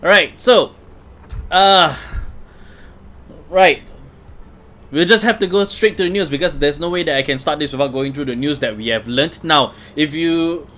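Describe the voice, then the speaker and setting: A man's voice: a little high, normal speed, pauses often, sharp tone. A man hosting a casual card game livestream, chatty, with many fillers and restarts. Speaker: livestream host.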